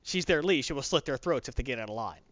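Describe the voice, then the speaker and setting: A man casually recapping a comic book story on a podcast, acting out the characters' lines in quick voices. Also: medium pitch, lively intonation, a bit bright, dry recording. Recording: dull lo-fi dry recording.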